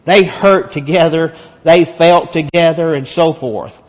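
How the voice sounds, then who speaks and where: A man's voice: on the high side, measured pace, in a large hall. A man preaching a sermon as pastor, earnest and emphatic, repeating phrases to drive his point home.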